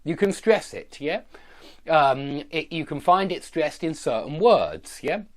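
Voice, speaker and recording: A man with a Southern English accent leads an online pronunciation lesson, enunciating each drilled word with care. His delivery is unhurried, and his pitch rises and falls widely. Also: very animated. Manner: drills word lists with slow, exaggerated enunciation; frequent checking tags like "yeah?" and "okay?".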